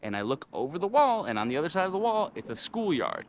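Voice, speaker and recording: A man's voice: fairly high pitch, fast talker, a little hiss or hum. Ranting young man telling a story. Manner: animated, swearing, frustrated ranting. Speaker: vlogger.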